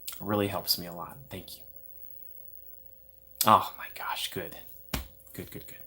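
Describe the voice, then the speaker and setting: A man's voice: low voice, steady tone, unhurried, bright, forceful tone, a little hiss or hum. A young man hosting a casual live stream from home, reading chat aloud and joking at his own expense. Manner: playful, self-mocking, reads chat aloud.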